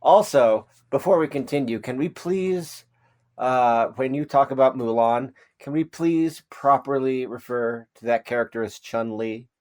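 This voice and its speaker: A man in his forties co-hosting a podcast, chatting casually with jokes and quick asides. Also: medium pitch. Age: 40s. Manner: animated, joking, quick asides. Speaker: podcast co-host. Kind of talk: casual chat.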